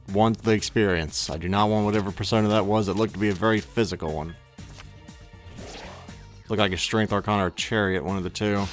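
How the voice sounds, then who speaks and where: A man giving casual, rambling commentary on his own gameplay, often correcting himself mid-thought. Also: low-pitched. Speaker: let's play gamer.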